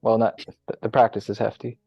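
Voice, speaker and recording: A man on a group call who talks calmly and reflectively, explaining his ideas at length over muffled lo-fi call audio. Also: lowish voice, moderate pace, vocal fry, breathy edge, no echo. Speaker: call participant. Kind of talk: casual group video call chat.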